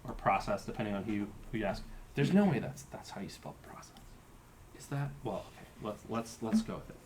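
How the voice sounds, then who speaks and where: A man's voice: fairly low pitch, animated, fairly quick, warm tone, slight background noise. A man giving a university lecture, explaining terms step by step and thinking aloud with fillers. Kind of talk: live-coded lecture.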